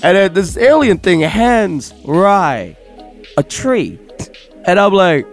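Giggly high-voiced young-sounding man. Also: very animated, takes it slowly, soft background music. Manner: profane, laughs through his story. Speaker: storyteller recounting a game session. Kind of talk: casual chat.

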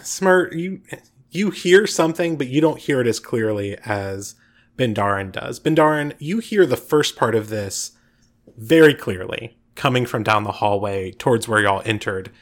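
A man narrating as game master of a tabletop game, relaxed and filling pauses with uh and um. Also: mid-range voice. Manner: relaxed, frequent uh and um fillers.

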